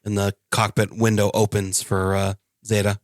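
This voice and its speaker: Man, tabletop player, lowish voice, casual descriptions, dry sound. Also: flat delivery, normal speed, no room sound. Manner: loose descriptive, with fillers. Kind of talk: describing his droid character's actions.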